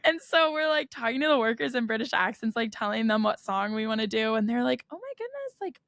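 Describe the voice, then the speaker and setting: Gravelly-voiced young American woman, chatty. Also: fairly high pitch, steady tone, fast talker, fairly bright tone, dry recording. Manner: chatty storyteller, frequent laughs and "like" fillers. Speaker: podcast co-host. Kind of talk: casual chat.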